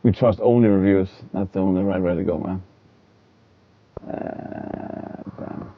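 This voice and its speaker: A man's voice: deep voice, steady tone, measured pace, no room sound. A man streaming a game and chatting casually to his viewers, rambling, repeating words and laughing often. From from a country that uses military time. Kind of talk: casual livestream chat to viewers while gaming. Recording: dull, lo-fi stream audio.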